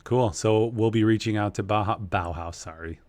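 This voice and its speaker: A man's voice: on the low side, moderate pace, warm tone, no room sound. A man hosting a casual live chat, agreeable and talkative.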